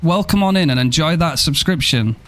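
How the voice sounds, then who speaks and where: A man's voice: fairly high pitch, lively intonation, fairly quick, fairly bright tone, slight background noise. A man live-streaming a game, chatting casually and playfully, joking and thanking viewers by name, with casual swearing.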